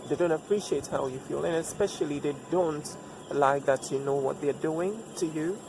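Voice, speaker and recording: In a reflective personal monologue, a man with a higher-than-average voice and some vocal fry offers relationship advice at a moderate pace. He repeats himself for emphasis and poses rhetorical questions over steady background noise.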